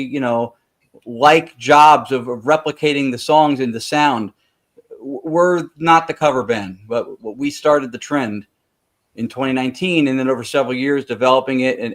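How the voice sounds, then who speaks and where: A podcast guest with a medium-pitched voice explains technical ideas at length in casual chat. He uses frequent fillers and restarts.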